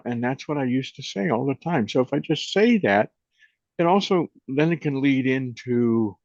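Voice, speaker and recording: A man in his eighties, co-hosting a reflective chat on consciousness and guiding a meditation, unhurried and gentle, often trailing off softly. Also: medium pitch, lively intonation, dry recording. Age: 80s. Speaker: co-host, meditation and consciousness teacher. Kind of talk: reflective conversation and guided meditation. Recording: dull lo-fi sound.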